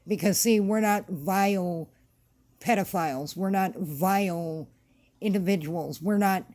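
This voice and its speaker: Slow, mellow-voiced woman ranting bluntly. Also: mid-range voice. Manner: blunt, emphatic and repetitive. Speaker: vlogger. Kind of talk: casual opinion rant to camera.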